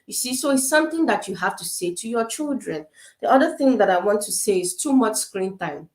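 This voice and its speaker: A woman's voice: mid-range voice, expressive, fairly quick, a little mellow. Woman from africa talking to parents on a webcam, earnest, lots of restarts, bit echoey. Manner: earnest, repeats points, frequent fillers and restarts. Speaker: summit speaker on parenting. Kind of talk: casual online talk to parents. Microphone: webcam on a video call.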